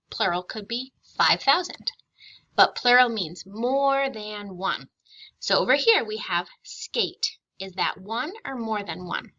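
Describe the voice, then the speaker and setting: A woman teacher giving a recorded spelling and grammar lesson, reading words and sentences slowly and clearly, patient and encouraging. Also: medium pitch, bright, forceful tone, lo-fi sound. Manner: slow, clearly enunciated dictation, patient and encouraging.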